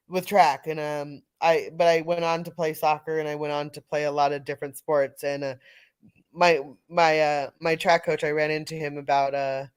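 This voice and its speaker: A woman's voice: sits low, clean tone, no echo. Laughing, chatty middle-aged woman. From California. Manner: animated, laughs often, halting restarts. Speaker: panel speaker. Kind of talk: casual storytelling chat.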